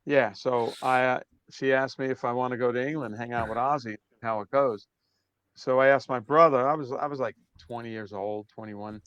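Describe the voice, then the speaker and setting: A man in his sixties from Brooklyn with a New York accent, telling stories as an interview guest in a relaxed way that trails off softly. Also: medium pitch, moderate pace, clear, resonant tone. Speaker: drummer guest. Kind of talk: casual interview storytelling.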